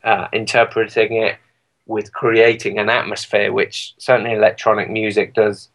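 A man's voice: lowish voice, flat delivery, moderate pace, fairly bright tone, rough recording. A man with a British accent, a musician chatting in an interview in a rambling, self-deprecating way with lots of fillers. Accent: British English. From Britain. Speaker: guest musician. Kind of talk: casual interview chat.

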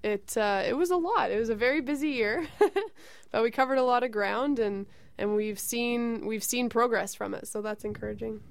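A woman's voice: a little high, moderate pace, gravelly, no echo. A woman from Canada, a singer-songwriter, talking in a friendly, casual studio interview. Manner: friendly, with frequent fillers and laughs. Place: radio studio.

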